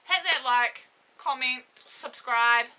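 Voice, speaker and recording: A young woman sits and tells a personal story to her camera. Her voice is fairly high and sharply bright. She talks casually, pausing and restarting as she holds back tears. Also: clean tone, poor audio. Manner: emotional, halting, fighting back tears. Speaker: vlogger. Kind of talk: casual story-time vlog. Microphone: camera mic, seated.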